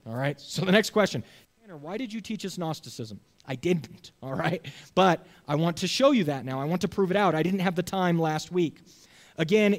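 A man teaching a Bible study class in a lively way, often checking in with his listeners. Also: on the high side. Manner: animated, asks the class for agreement.

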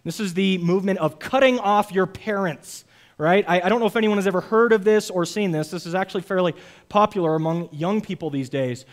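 A young man with a high voice preaches a sermon. His delivery is earnest and emphatic, and he often turns to the congregation with quick asides. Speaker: pastor.

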